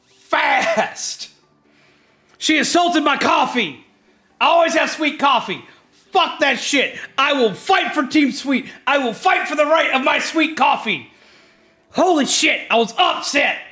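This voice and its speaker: Bright high-voiced ranting male streamer. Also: unhurried, soft background music. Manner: animated ranting, swears freely, greets chat loudly. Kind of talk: casual livestream chat.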